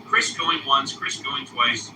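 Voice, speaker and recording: A man hosting a live audio chat room, moderating callers with animated, drawn-out calls and repeated phrases. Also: medium pitch. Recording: echoey, distant, noisy room pickup.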